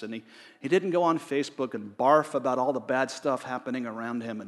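A man's voice: medium pitch, animated, brisk. A man preaching a sermon in a conversational way, rising to emphatic readings of scripture. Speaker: pastor. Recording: long reverb of a large hall.

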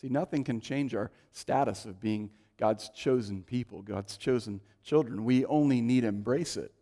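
Middle-aged guy preaching, tells stories, does little voices for people, medium pitch. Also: moderate pace. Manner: animated, acts out quoted voices in anecdotes. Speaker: pastor. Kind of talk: sermon with storytelling.

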